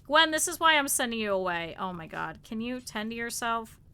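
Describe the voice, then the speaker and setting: A woman's voice: fairly high pitch, big pitch swings, fairly quick, pushed and bright, smooth. A woman streamer commenting on her gameplay live, chatting with her viewers, scolding her characters and swearing freely.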